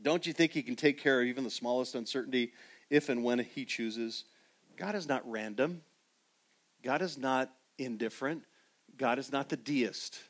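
A middle-aged man preaching a sermon as pastor, emphatic and building to loud peaks. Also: mid-range voice, moderate pace.

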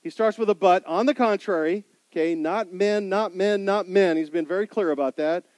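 A man's voice: high-pitched, moderate pace, a little mellow, no echo. A man preaching a sermon as pastor, emphatic, repeating key points and asking his listeners questions.

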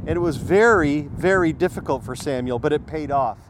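A man delivers a sermon with a somewhat high voice, driving points home by repeating key phrases and posing rhetorical questions. Faint traffic noise hums behind him. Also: lively intonation, brisk. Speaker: preacher.

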